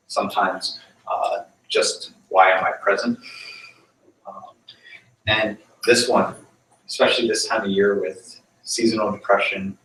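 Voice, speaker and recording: A man's voice: low-pitched, a bit bright. A man leading a small church group in an informal sermon, talking loosely with many ums as he tells a story. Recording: echoey room, mic far off.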